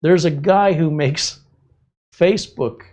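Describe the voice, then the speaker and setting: Middle-aged male stream host, casual, animated storyteller, laughs easily. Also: a little high, slow pace. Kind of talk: casual live-stream chat.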